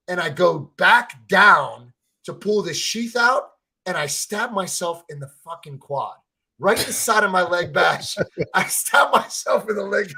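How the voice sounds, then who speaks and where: A man with a husky, slightly high voice talks through a live fan reaction stream. He tells stories in a rambling, excited way, stumbling over repeated words and swearing freely. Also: normal speed. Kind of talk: excited casual chat.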